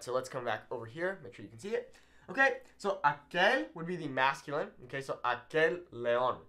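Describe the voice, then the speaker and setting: Lively young man teaching at a whiteboard. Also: on the high side. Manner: casual, upbeat, many "okay"s and repeated examples. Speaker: Spanish teacher. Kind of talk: whiteboard language lesson. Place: classroom with a whiteboard.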